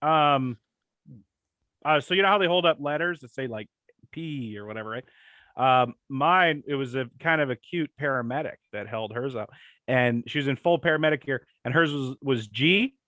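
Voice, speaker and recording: A young man co-hosting a podcast, telling rambling crude stories and doing quick impressions in casual comedic chat. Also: mid-range voice, sharp tone, no room sound. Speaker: podcast co-host.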